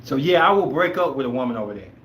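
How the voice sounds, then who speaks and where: A man hosting a podcast, chatting casually and reacting to viewer comments in an animated, emphatic, rambling way. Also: medium pitch, fast, slight background noise. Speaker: podcast host. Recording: roomy echoey room.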